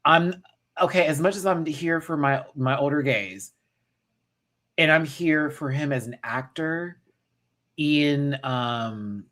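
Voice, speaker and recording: A man's voice: medium pitch, expressive, slow pace, bright, forceful tone. A man in his thirties hosting a casual pop-culture rant, sassy and campy with frequent laughs. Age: 30s. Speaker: host.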